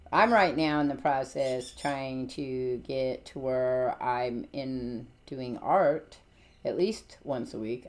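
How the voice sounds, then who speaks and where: A woman's voice: a bass voice, a little mellow. A middle-aged woman streaming a game, chatting casually in a rambling way, full of fillers and restarts. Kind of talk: casual chat while gaming.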